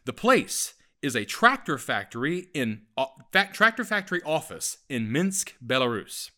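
A man from Atlanta, hosting with lively, joking chat and reading stage directions. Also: on the high side, moderate pace. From Atlanta, Georgia. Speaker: host.

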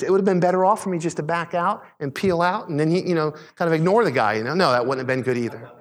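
Conversational middle-aged male preacher. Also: in a large hall. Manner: conversational preaching, animated retelling with quick pitch swings. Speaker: pastor. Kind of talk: sermon with a personal story.

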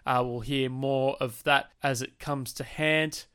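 A man hosting a podcast, briskly running through news items from his notes. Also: medium pitch, fairly even intonation, fairly bright tone, clean tone. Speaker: podcast host.

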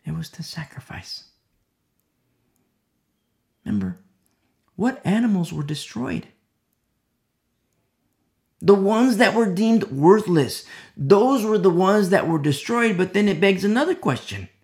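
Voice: medium pitch, big pitch swings, a little mellow. A Bible teacher giving a verse-by-verse sermon, emphatic, repeating key phrases and dropping to a whisper to stress a point. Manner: acts out the people in the text with quick voice changes.

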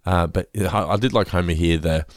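A man's voice: low voice, fairly even intonation, a little fast, dry recording, clean studio sound. A man, co-hosting a podcast in laid-back, sweary chat with frequent laughs. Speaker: podcast co-host.

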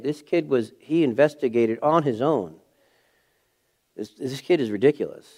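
A man's voice: mid-range voice, animated, measured pace, husky. Male pastor telling a personal story. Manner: personal storytelling, swings from hushed to raised and emphatic. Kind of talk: sermon. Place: church.

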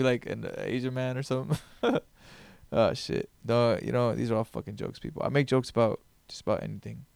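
A man's voice: medium pitch, quick pace, creaky, darkish tone, no room sound. A man hosting a solo podcast, rambling casually and joking with plenty of profanity. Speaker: podcast host. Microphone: headphones on, close mic.

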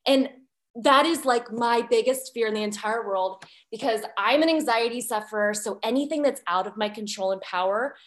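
Candid woman with a fairly high voice. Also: normal speed. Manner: candid and lively, acting out her own past thoughts. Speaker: podcast guest. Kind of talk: personal storytelling.

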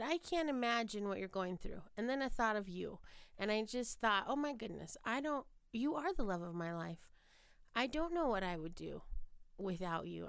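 Smooth-voiced woman telling a story. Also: on the high side, no echo, studio quality. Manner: animated storyteller, acts out quoted voices. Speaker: podcast co-host. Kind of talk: casual chat.

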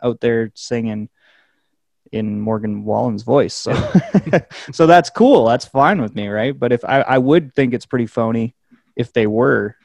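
A man's voice: mid-range voice, a little slow, creaky, darkish tone, no room sound. A man hosting a podcast, talking in a loose, rambling and emphatic way in casual chat. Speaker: podcast host.

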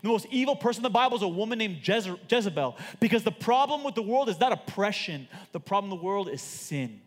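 A man preaching a sermon as a pastor, animated and emphatic with joking stories, in a large church auditorium. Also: sits high, fast. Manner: animated, emphatic, jokey storytelling. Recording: long hall reverb.

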